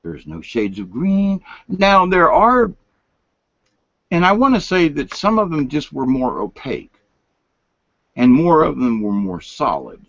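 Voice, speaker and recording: A man's voice: fairly high pitch, huge pitch swings, unhurried, long pauses, fairly bright tone, no room sound. An older man, rambling folksy and meandering through a late-night monologue at home. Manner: folksy, meandering, drops to whispers. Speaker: vlogger. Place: home room, lights turned down. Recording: dull lo-fi sound.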